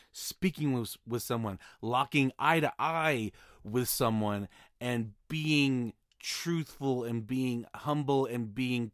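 In studio-quality audio with no echo, a Utah man with a mid-range voice talks casually on his solo podcast about working as a mobile notary. He frequently repeats and restarts his words.

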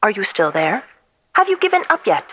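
A woman voicing a female AI phone answering system that reads out prompts in a calm, automated way and slips in cruel insults. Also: mid-range voice, brisk, slightly rough, low-quality recording. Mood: deadpan. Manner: calm automated-menu delivery with cruel remarks.

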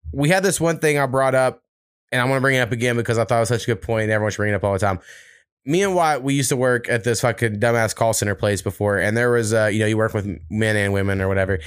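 A man's voice: medium pitch, clean tone. A young man hosting a podcast, chatting casually and swearing freely while retelling stories with quoted voices. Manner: profane, storytelling with mimicked quotes. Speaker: podcast host. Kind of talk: casual chat.

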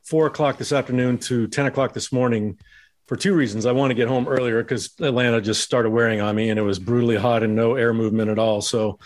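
Easygoing male podcast co-host. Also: medium pitch. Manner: relaxed, easygoing, teasing. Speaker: former pro baseball player and podcast co-host. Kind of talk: casual sports podcast chat.

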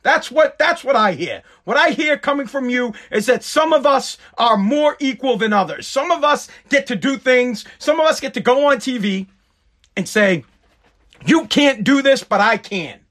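Brief: high-pitched man for a blunt, profane, sarcastic rant to camera. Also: lively intonation, moderate pace, fairly bright tone. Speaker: commentator. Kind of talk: profane ranting commentary.

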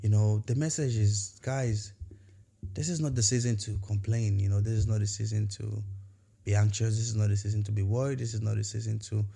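Male podcast host, mellow low voice, casual motivational storyteller. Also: flat delivery, fairly quick, gravelly, husky. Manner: conversational, many fillers and restarts; acts out quoted voices in storytelling.

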